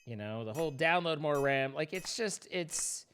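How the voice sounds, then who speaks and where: A man streams a game and chats as he plays. His bright voice swoops up and down as he rambles and pokes fun at himself. A faint hiss and some clicks sit under the talk. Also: fairly high pitch, lively intonation, moderate pace, hardly any pauses. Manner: rambling, self-mocking joking to chat. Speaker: livestreamer. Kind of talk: casual gaming livestream chat.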